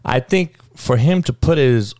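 A man's voice: medium pitch, expressive, measured pace, darkish tone, no room sound, clean studio sound. A man hosting his own talk show, ranting heatedly and swearing constantly in street slang. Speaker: sports talk show host. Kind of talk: unscripted profane rant.

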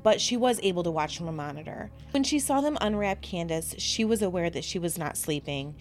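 A woman's voice: fairly low pitch, lively intonation, fairly quick, faint music behind. A woman co-hosting a podcast, somberly narrating a true crime case and chatting with her co-host.

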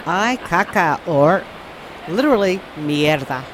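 A woman's voice: on the low side, expressive, slow pace. A woman from the American South with a Southern accent, telling work stories in a casual, amused way. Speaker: flight attendant guest. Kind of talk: casual storytelling. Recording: hissy noisy recording.

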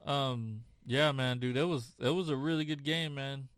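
A man's voice: medium pitch, moderate pace, fairly bright tone, no echo, clean studio sound. A man co-hosting a casual football chat, laid-back and agreeable.

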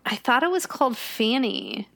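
A woman's voice: on the high side, expressive, moderate pace, vocal fry, fairly bright tone. A woman playing in a casual tabletop game, chatty and meandering with her questions. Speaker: player.

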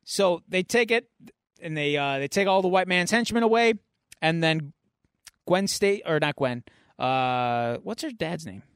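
A man's voice: fairly high pitch, expressive, measured pace, a bit bright, clean tone, dry recording, studio quality. A man hosting a casual comic book podcast, animatedly retelling a comic and slipping into voices. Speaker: podcast host.

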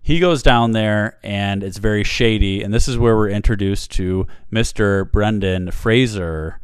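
A man with a low, smooth voice, talking casually and rambling as he retells a film's story. He stumbles and restarts often. The sound is dry and close, with no room echo. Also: a little slow. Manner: rambling, many fillers and restarts. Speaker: podcast host reviewing a film. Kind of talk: casual chat.

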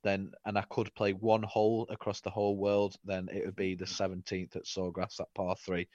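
Brief: bloke on a sports podcast, low voice, dry and dull lo-fi sound, swears casually. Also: male voice, normal speed, no echo. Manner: swears freely, laughs and gets excited.

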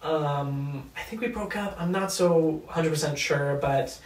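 A man's voice: on the high side, measured pace. Swearing young man telling a story. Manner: loose, profane, hesitant with fillers. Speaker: podcast guest. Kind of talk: casual storytelling chat. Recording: roomy and distant from mic.

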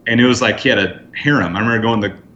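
A man's voice: fairly low pitch, racing. Man, 30s, podcast guest, chatty storyteller, roomy lo-fi sound. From United States. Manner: lively anecdotes with acted-out quotes. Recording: roomy, slightly dull sound.

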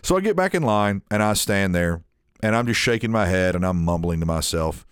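A man with a fairly low voice co-hosts a casual podcast and tells a meandering, animated story. He slips into quick impressions of the people he describes. The sound is close and dry, with no room around it. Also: smooth, no echo. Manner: rambling, animated anecdote with mimicked voices. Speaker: podcast co-host.

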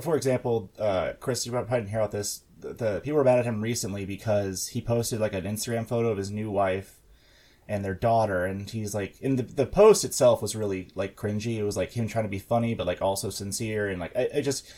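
A man's voice: lowish voice, warm tone. Rambling young man, casual podcast chat. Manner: rambling, many fillers and restarts. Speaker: podcast co-host.

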